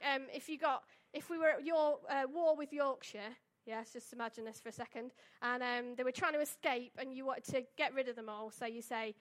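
Young woman, high voice, chatty storytelling sermon style. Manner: chatty, storytelling, with tag questions and fillers. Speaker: preacher. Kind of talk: casual sermon.

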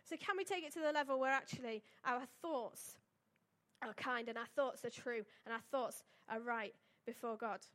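Young woman, high voice, chatty storytelling sermon style. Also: moderate pace, fairly bright tone. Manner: chatty, storytelling, with tag questions and fillers. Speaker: preacher. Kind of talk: casual sermon.

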